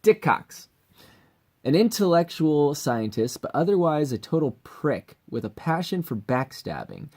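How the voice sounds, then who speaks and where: A man's voice: a little high, sing-song, a little slow, a little mellow. A man casually talking through voice acting attempts, crude and joking. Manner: laid-back, crude and joking. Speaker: voice acting YouTuber. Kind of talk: casual vlog commentary.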